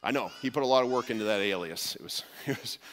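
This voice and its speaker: A man's voice: medium pitch, quick pace. Man preaching in an echoing hall. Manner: storytelling, drops to hushed quiet for quotes. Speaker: pastor. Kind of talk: sermon.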